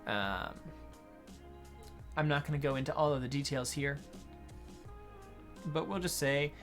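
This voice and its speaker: A man acting as a game master, explaining adventure design in an unhurried tutorial talk while thinking aloud. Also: on the high side, lively intonation, a bit bright, soft background music.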